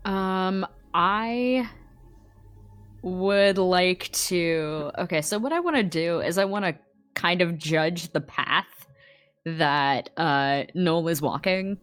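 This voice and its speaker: A woman's voice: lowish voice, slow pace, clean tone. A woman playing a tabletop role-playing game, hesitant, thinking aloud as she plans. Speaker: player.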